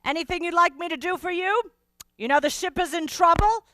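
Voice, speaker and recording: A woman voicing a loyal male ship's steward who speaks quickly and urgently in a raised voice. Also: very high voice, fairly bright tone, no echo, voice pushed up.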